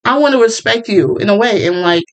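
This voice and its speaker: A woman's voice: a little high, animated, a little fast, rough recording. A woman hosting a casual monologue, chatty and opinionated, with many fillers and restarts. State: partly deaf.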